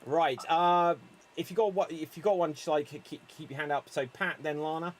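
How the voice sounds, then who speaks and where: A man hosting a live online improv show, upbeat and quick to laugh, talking over a video call. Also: a little high, steady tone, a little hiss or hum. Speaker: improv host.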